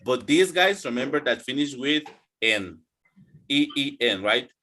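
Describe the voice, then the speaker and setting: Giving an online English pronunciation lesson, a man patiently drills students on numbers and checks in with them often. His mid-range voice is expressive, unhurried and sharp in tone. A little hiss or hum can be heard.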